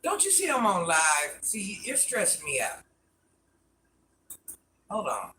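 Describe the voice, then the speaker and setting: A man's voice: high voice, wildly swooping pitch, slow pace, pushed and bright, a little hiss or hum. A man rambling through a casual live stream, answering viewer comments and talking to people off camera in a folksy way.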